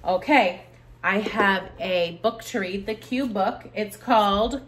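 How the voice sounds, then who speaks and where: A woman teaching an online preschool lesson, talking with animated, exaggerated sounds for little children. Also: mid-range voice, measured pace.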